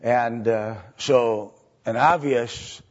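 A man teaching a Bible study lecture, halting with fillers and often checking in with "right?" and "okay?". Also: mid-range voice, steady tone. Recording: dull lo-fi recording.

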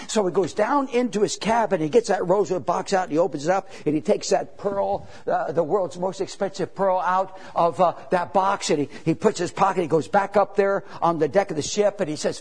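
A male preacher in a sermon with a husky, fairly high voice. He tells a story with many fillers and hesitant restarts. He builds to loud, urgent peaks. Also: brisk, hardly any pauses.

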